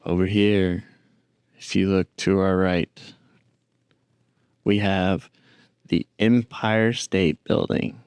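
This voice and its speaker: A man voicing a bored male tour guide who talks slowly and flatly. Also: low voice, clean tone, dry recording, clean studio sound. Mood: deadpan. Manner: slow, deadpan.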